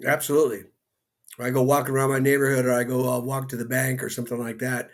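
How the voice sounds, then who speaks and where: A man's voice: quick pace, creaky, faint music behind. A man from Northern California co-hosting a casual chat, telling stories with animation and acting out quotes. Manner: animated storytelling, acts out quotes in a high excited voice. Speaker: co-host. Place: home porch.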